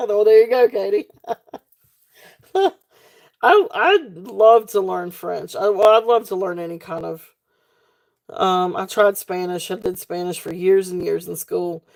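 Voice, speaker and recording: Mellow-voiced Southern woman, chatty seller. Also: lowish voice, measured pace, vocal fry. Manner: rambling, chatty, laughs often. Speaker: host of a live jewelry sale. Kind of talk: casual live-stream selling chat.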